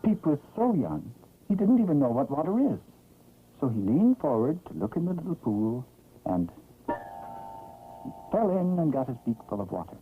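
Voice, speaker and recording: A man narrating a children's story in a gentle, expressive storytelling manner, from an old animated film. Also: fairly high pitch, normal speed, long pauses, soft background music. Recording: tinny, lo-fi old film sound.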